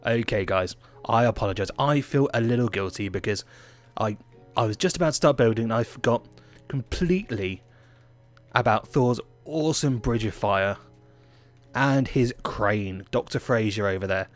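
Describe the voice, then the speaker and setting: Faint music plays behind this gaming channel host, a man from England whose accent is English. He talks at a moderate pace in a fairly low voice. His gameplay commentary is chatty and playful, and he pokes fun at himself along the way.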